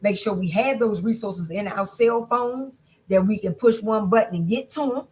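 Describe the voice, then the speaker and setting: A woman's voice: mid-range voice, moderate pace, darkish tone. Earnest woman teaching a class. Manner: earnest, repetitive, conversational with fillers. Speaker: domestic violence educator.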